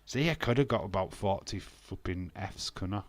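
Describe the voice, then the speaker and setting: A man casually chatting with viewers as he hosts a wrestling watch-along, self-mocking and quick to laugh. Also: deep voice. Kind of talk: casual live-stream chat with viewers.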